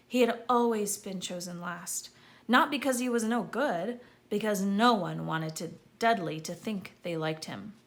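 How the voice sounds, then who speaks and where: A woman reading a children's story aloud, calling out names with gusto. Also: mid-range voice. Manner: lively, calling out names loudly. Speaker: audiobook reader.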